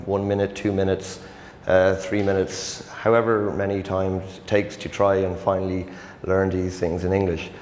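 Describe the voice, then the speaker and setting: A man giving a chatty English lesson in a fairly low voice, joking with the learners as he talks to them. His voice rings in a reverberant hall, with faint noise underneath. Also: a little mellow. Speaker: English teacher. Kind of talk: demonstration language lesson.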